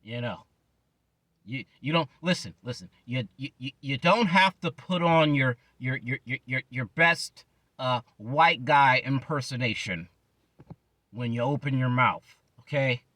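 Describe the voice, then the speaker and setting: A man mocking a put-on soft-spoken, overly proper voice with the bass taken out. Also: unhurried, dry recording. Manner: mocking, exaggerated lightness.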